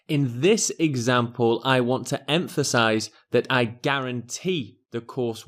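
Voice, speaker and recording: Man, English teacher, slow and deliberate, mid-pitched, leans on key words. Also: fairly bright tone. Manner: clear, deliberate delivery with stressed key words. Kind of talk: scripted lesson narration.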